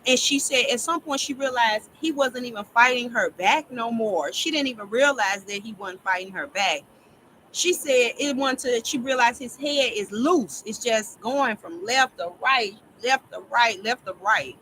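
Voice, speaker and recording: A woman casually telling a long story to her viewers, rambling and animated, often laughing as she talks. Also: a little high, moderate pace, a little hiss or hum, poor audio. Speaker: storyteller vlogger.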